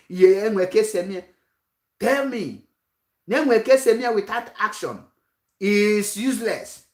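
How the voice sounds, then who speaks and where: A woman's voice: mid-range voice, measured pace, roomy sound. A woman giving a rousing political speech, full of rhetorical questions and repetition. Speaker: activist speaker.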